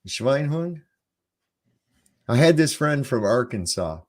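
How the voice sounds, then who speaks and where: Brief: male podcast host, loose rambling storyteller, cusses freely, mid-pitched voice. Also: a little slow. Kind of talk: casual podcast chat.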